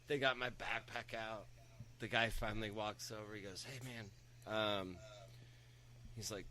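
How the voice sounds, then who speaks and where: A young man on a podcast spins a rambling anecdote in a bright, forward voice, jumping up in pitch whenever he quotes someone else. His talk is loose and profane, full of fillers. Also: measured pace, long pauses, a little hiss or hum. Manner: animated anecdote-telling, swearing, acting out quotes with raised pitch. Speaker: podcast co-host. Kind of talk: casual storytelling chat.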